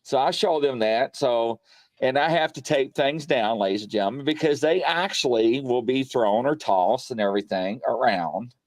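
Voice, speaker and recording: A man hosting a paranormal show from his home studio, telling stories in a rambling, animated way full of fillers. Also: mid-range voice, normal speed, no echo. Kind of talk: casual live-stream chat.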